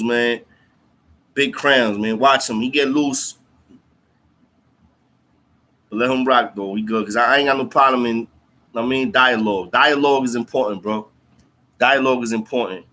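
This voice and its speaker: Profane, bright-voiced man telling a story. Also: medium pitch. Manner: profane street slang, calls listeners bro and twin; animated, repeats lines for emphasis. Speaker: livestream host talking to viewers. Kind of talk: casual storytelling chat.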